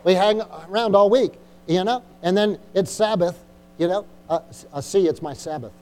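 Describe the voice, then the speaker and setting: A middle-aged man with a high voice preaches to his church congregation. His tone is mellow and dark rather than bright. He exhorts, repeats key lines and keeps checking in with calls for agreement. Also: moderate pace. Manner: repetitive, exhorting, frequent "Amen?" and "Come on". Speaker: pastor. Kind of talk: sermon.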